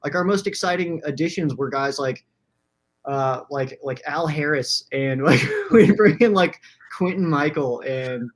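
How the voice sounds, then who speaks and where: A young man co-hosting a casual live-streamed sports chat from a small room. He is excitable, laughs often and fills his talk with "like". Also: fairly high pitch, a little slow. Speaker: podcast co-host.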